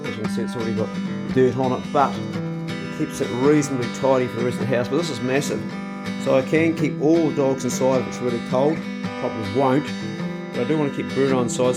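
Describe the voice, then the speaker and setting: Outdoors on a rural property, a middle-aged vlogger with a New Zealand accent talks casually to the camera in an easygoing, chatty way. His voice rises in pitch and volume whenever he speaks to his dogs, and guitar music runs under the recording.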